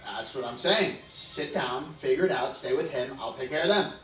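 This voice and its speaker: A man's voice: medium pitch, normal speed, a bit bright. Man, tabletop player, brash joking, distant mic, music in background. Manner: brash, joking, in character as a dwarf. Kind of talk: tabletop role-play chat. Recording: roomy, distant, music behind.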